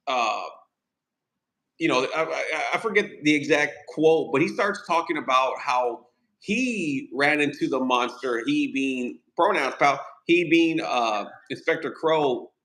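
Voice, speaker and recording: A man's voice: on the high side, lively intonation, slow, a bit bright. A man hosting a podcast, chatting casually about a movie in a rambling, profane way. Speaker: podcast host.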